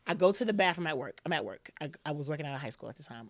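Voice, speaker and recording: A woman's voice: low-pitched, racing, hardly any pauses. A woman guest on a podcast, telling a personal story and acting out what people said, with plenty of "like" fillers. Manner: animated retelling, acting out quotes, many "like" fillers.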